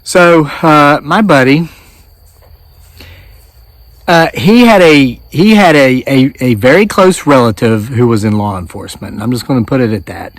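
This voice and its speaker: A man in his forties with an Appalachian American accent, telling a story in a casual, animated way. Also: mid-range voice, no echo. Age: 40s. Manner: animated, acts out voices in quotes. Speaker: homesteading vlogger.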